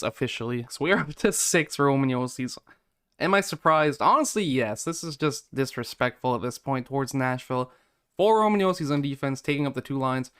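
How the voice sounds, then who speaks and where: A man's voice: a little high, a bit bright, clean tone. A young man giving gameplay commentary, exasperated and swinging between hope and letdown. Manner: exasperated, swings from hopeful to deflated. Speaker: gaming YouTuber.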